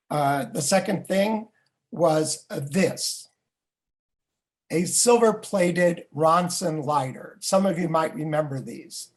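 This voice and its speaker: An older man and Jewish educator telling a family story in a vivid, animated way. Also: a little high. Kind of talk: storytelling talk.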